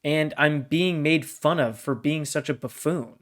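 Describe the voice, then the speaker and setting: Blunt, fired-up man with a higher voice. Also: unhurried, fairly bright tone. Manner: blunt, exasperated, swears freely. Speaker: podcast co-host. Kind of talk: casual book discussion.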